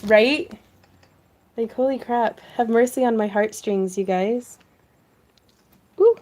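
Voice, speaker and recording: A woman's voice: fairly high pitch, slow pace, a little mellow. A woman hosting a casual craft livestream, chatting to viewers in a gushing, effusive way and laughing often. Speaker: craft channel host.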